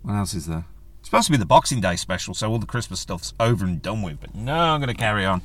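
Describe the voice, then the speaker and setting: On his solo podcast, a male host rants casually in a blunt, crude, joking way, swearing a lot. He talks fast, with a fairly low, fairly bright voice that swings widely in pitch, and there's no echo.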